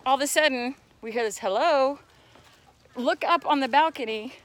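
A woman co-hosting a casual talk, telling a story with lively, laughing delivery while out on a walk. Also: high-pitched, moderate pace. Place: outdoors on a walk.

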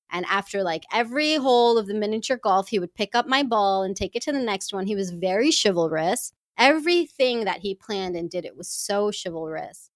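A woman's voice: medium pitch, no room sound, clean studio sound. Earnest woman telling a personal story. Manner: earnest, heartfelt, expressive. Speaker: speaker addressing women listeners.

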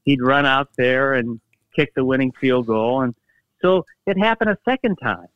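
An older man tells stories in a relaxed interview, jumping into animated quoted voices with plenty of halting restarts. The recording is dry and a little dull, with no room sound. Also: medium pitch, dry recording. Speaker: guest storyteller, former team executive. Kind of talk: casual storytelling interview.

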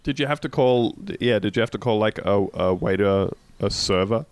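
A man's voice: on the low side, normal speed, smooth, no room sound. Australian man, podcast co-host, sweary joking storyteller, dry close sound. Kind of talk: casual comedic chat.

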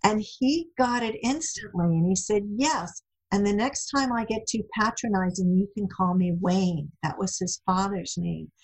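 A middle-aged woman, a guest in an interview, telling lively stories and acting out quoted lines. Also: medium pitch, moderate pace, few pauses, husky, low-quality recording. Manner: animated storyteller, acts out quotes. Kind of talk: casual interview chat.

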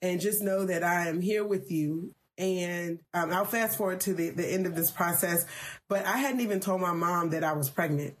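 A woman in her thirties speaks to her livestream viewers in a slightly low voice. She tells a personal story earnestly and with emotion, pausing often to collect herself. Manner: earnest, emotional and reflective, with frequent "um" pauses.

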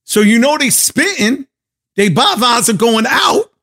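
A hoarse man hosting a casual livestream chat, telling stories in an animated, slangy way. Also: extremely high pitch, unhurried. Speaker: show host.

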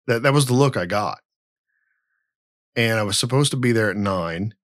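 Podcast host, middle-aged man, lowish voice, dry close sound, rambling and blunt. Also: animated, moderate pace, a bit bright, no room sound. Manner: rambling storyteller, blunt and profane. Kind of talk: casual podcast chat.

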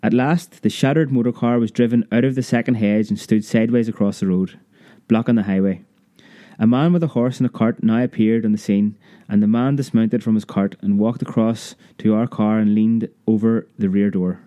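A man narrating a memoir audiobook in a measured, vivid storytelling manner. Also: lowish voice, mellow, dry recording, highs cut off.

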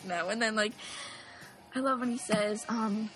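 Chatty co-host, a woman with a fairly high voice who gushes and says "like" a lot. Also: fairly even intonation, a little slow, fairly bright tone, faint music behind, low-quality recording. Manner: chatty, many "like" fillers, gushing. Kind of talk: casual chat about a movie.

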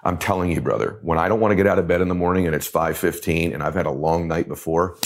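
A middle-aged man with a very deep, low voice speaks as a motivational coach. He tells stories with emphatic, repeated phrasing to drive his points home. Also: fast. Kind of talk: intense storytelling in conversation.

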